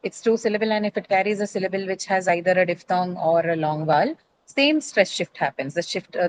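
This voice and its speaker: A woman's voice: medium pitch, slight background noise, low-quality recording. A woman teacher giving a classroom lecture on word stress, explaining patiently, repeating points and checking that students understand. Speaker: English teacher.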